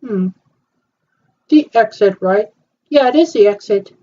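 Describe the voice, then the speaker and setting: A woman acting out a trip with several voices. She talks hesitantly, with many fillers and halting restarts. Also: mid-range voice, expressive, mellow. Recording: dull lo-fi sound.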